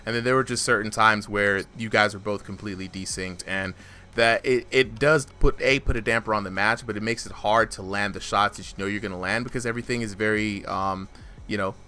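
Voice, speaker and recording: A man hosting a casual stream interview, talking in an energetic, slangy way. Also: lowish voice, fairly quick. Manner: energetic, slangy, says "bro" a lot. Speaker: host.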